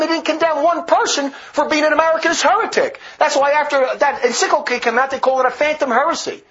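A man's voice: fairly even intonation, quick pace, few pauses, a bit bright, lo-fi sound. A man preaching an impassioned, indignant sermon on church history, his voice rising and dropping sharply. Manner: fiery, indignant, restless pitch swings.

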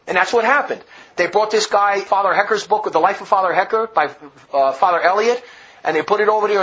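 A man's voice: bright, forceful tone, dull audio. A man preaching an impassioned, indignant sermon on church history, his voice rising and dropping sharply. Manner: fiery, indignant, restless pitch swings.

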